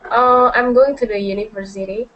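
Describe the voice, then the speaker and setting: University student from Jakarta. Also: female voice, on the high side, steady tone, moderate pace, highs cut off. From Jakarta, Indonesia. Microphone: video call.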